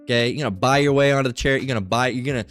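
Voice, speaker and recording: A man's voice: medium pitch, racing, a bit bright. A man speaks in an ordinary middle register, his throat itchy and scratchy. He delivers loose religious commentary, wandering, cursing and padding his points with fillers, while faint music plays behind him. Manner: rambling, profane, full of asides and fillers.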